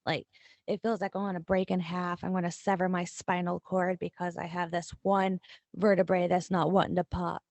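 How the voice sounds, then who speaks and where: A woman's voice: on the low side, level tone, normal speed, darkish tone, no room sound. A woman in her thirties with a somewhat Southern accent, co-hosting a podcast, swearing and laughing freely. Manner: swearing, laughing, acts out her kids' voices. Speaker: podcast co-host. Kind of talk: casual chat.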